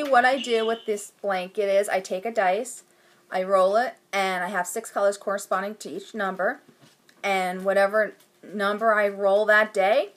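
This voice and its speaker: A woman talks casually to her viewers at home about her knitting. Her speech rambles, full of fillers, restarts and asides. She sits at a middling pitch, like an everyday conversation. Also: fairly bright tone. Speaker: knitting podcast host. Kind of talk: casual chat to camera. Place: at home, indoors.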